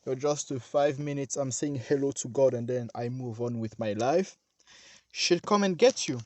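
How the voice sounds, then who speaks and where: A man's voice: mid-range voice, moderate pace, darkish tone, no echo. A man preaching a sermon, speaking emphatically, repeating himself and addressing the listeners directly.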